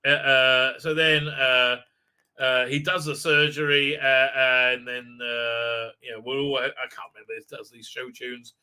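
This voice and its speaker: Bright-voiced man ranting on a live stream. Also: mid-range voice, flat delivery, a little slow, clean tone. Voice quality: frequent filler sounds and restarts, heated, indignant. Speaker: show host. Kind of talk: live stream commentary and show recap.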